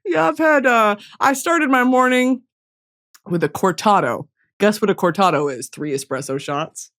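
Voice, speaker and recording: This podcast host, a young woman, talks at an ordinary pace in a laid-back comic monologue. Loud outbursts alternate with muttered asides, and she swears freely with plenty of animation.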